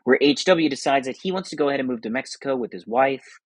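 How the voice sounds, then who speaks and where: Young man, casual film commentary, enthusiastic, husky voice, dry room. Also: medium pitch, lively intonation, no echo, poor audio. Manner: enthusiastic, quick, laughs often. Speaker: podcast host.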